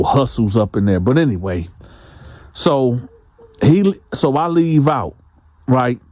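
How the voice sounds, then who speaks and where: A man's voice: mid-range voice, darkish tone, no echo. A man telling a prison story in a casual, slangy way as the host. He acts out the quotes.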